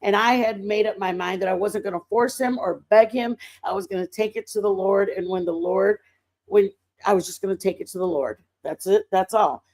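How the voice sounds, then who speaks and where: Animated woman telling faith stories. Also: medium pitch, moderate pace. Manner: animated, breaking into excited outbursts. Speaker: livestream host. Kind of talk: casual faith storytelling.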